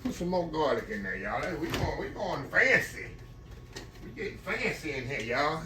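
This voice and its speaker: A man's voice: on the high side, big pitch swings, moderate pace, heavy background noise. A man hosting a casual cooking demonstration in his home kitchen, chatty and folksy, always calling out to his viewers. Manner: folksy, chatty, keeps addressing viewers as y'all. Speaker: cooking channel host.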